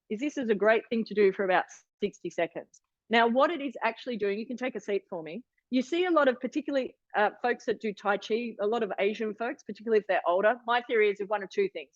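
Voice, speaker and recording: Speaking at medium pitch, a woman in her forties gives an online wellness workshop talk on a video call, chatty and encouraging and often starting over. There's no echo, and the highs are cut off.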